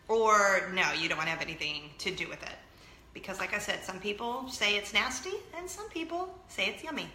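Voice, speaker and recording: A woman in her thirties hosting a casual talk show to camera, telling stories in an animated way and laughing often. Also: mid-range voice, fast, echoey room, a little hiss or hum. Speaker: vlog host.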